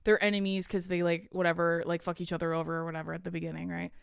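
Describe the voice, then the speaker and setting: A woman in her thirties co-hosting a podcast, making blunt and wry remarks in a relaxed chat. Her voice is smooth and clear. It is recorded close to the mic with no room sound. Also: fairly low pitch, very fast, no room sound. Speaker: podcast co-host. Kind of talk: casual chat.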